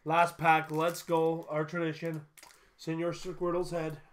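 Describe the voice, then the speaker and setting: A man's voice: on the high side, completely flat delivery, measured pace. A young man hosting a casual trading-card opening video, upbeat and chatty as he calls out each card. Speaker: card-opening channel host. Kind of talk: casual pack-opening commentary.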